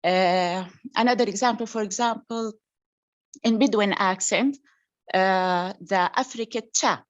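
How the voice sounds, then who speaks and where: A woman's voice: mid-range voice, unhurried. A woman making an academic comment in an online seminar. She speaks hesitantly, with many fillers. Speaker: audience member commenting. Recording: muffled lo-fi video call audio.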